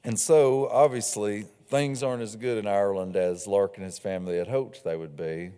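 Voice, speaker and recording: A man's voice: fairly low pitch, normal speed, smooth. A man, an author, talking casually about his book and reading from it in a lecture hall, with a few fillers. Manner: relaxed and conversational, with fillers.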